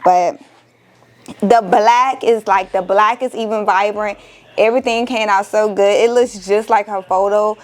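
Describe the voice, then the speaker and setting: A woman's voice: medium pitch, steady tone, a little slow, poor audio. Emotional young woman vlogger chatting. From Miami. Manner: emotional, exclaiming, addresses viewers as y'all. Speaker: crafting vlogger. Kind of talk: casual chat to viewers.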